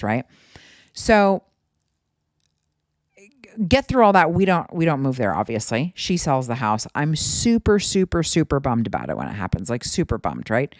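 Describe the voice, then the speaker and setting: A woman's voice: very deep voice, no echo, clean studio sound. A woman in her thirties hosting a podcast, chatting at home in a rambling, casual storytelling way full of asides. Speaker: podcast host.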